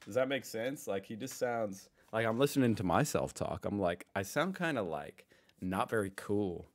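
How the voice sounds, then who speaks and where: A man's voice: fairly low pitch, lively intonation, normal speed. An American man hosting a reaction video, commenting in a chatty, self-deprecating way as he thinks aloud. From United States. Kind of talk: casual commentary.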